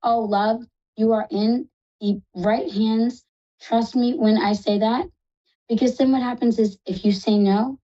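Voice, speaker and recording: A woman's voice: fairly high pitch, steady tone, measured pace, mellow. Chatty woman tarot reader, dull sound. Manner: reassuring, chatty, uses endearments. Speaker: psychic reader. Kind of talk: live tarot reading on a call-in show.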